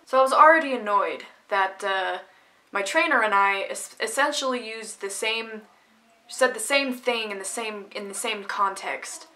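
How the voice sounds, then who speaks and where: Bright-voiced sarcastic woman vlogger. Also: mid-range voice, moderate pace. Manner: sarcastic, ranting, animated. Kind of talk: casual storytelling vlog.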